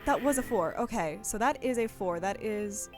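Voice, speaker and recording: A woman co-hosting a game stream, talking through a puzzle with excitable, profane commentary. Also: mid-range voice, moderate pace, soft background music. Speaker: streamer and co-host.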